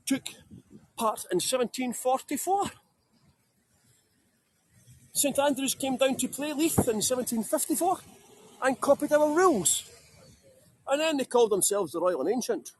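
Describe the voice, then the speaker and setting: A man's voice: very high-pitched, expressive, moderate pace, pauses often, slightly rough. A Scottish man guiding a live-streamed walking tour outdoors, chatty and jokey, greeting viewers by name. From Scotland. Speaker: tour guide. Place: outdoors on town streets.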